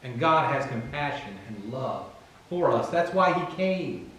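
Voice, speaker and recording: A man with a Virginian accent, preaching a sermon conversationally and acting out Bible figures in quick asides. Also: medium pitch, animated, a bit bright, a little hiss or hum. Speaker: pastor. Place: church. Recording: very echoey room, far from the mic.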